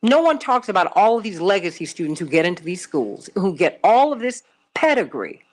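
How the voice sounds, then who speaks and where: Woman, radio talk host, from Chicago, middle-aged, emphatic, lively pitch. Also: brisk. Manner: impassioned, emphatic storytelling with repeated no's.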